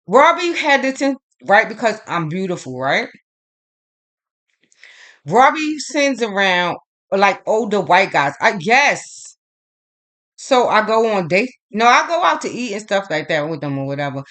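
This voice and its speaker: A woman's voice: on the high side, unhurried. A woman who reads astrology and tarot, talking in a casual monologue. She tells stories in a rambling, profane way and keeps acting out both sides of old arguments with emphasis. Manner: animated, profane, rambling storytelling; emphatic back-and-forth retelling of arguments.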